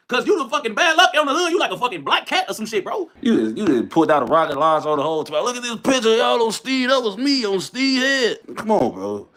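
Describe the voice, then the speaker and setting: Fast, high-energy streamer man. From Chicago. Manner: loud, excitable, trash-talking, heavy slang. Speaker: livestream host. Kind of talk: casual livestream storytelling.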